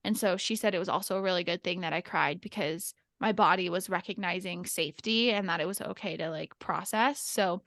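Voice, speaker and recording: A woman's voice: lowish voice, brisk, hardly any pauses, fairly bright tone, no room sound, studio quality. A young adult woman chatting casually on a podcast, telling a story with lots of filler words and nervous laughs. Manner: laughs nervously while recounting.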